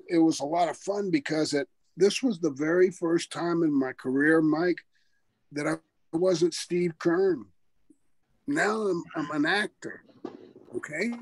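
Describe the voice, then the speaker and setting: A man's voice: fairly high pitch, unhurried. An older man, a former wrestler, telling career stories in a casual interview, chatty and laughing often as he talks.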